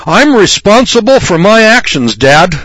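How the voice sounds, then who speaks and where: A man's voice: sits high, sing-song, a little slow, fairly bright tone, no room sound, voice pushed up, exaggerated voice. A man voicing a sniveling young boy who pleads with his father over a whipping. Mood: pleading. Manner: pleading, whimpering.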